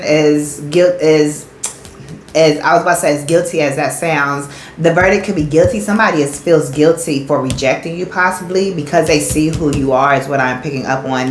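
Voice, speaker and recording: A woman giving a spiritual tarot reading in a rambling, conversational way, talking straight to her viewers. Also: fairly low pitch. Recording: echoey room with faint background noise.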